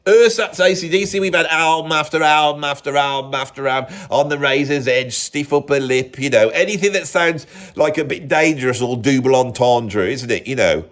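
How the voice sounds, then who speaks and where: A man's voice: mid-range voice, moderate pace, hardly any pauses, a bit bright. An English man, a music commentator, talking in a casual rambling monologue, opinionated and often cutting himself off mid-thought. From England. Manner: rambling, self-interrupting, opinionated.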